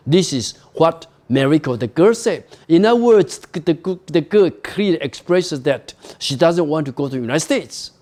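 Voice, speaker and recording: A man lecturing on a novel at a university, explaining slowly with frequent "you know" and "okay?" asides. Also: fairly high pitch, lively intonation, a little mellow.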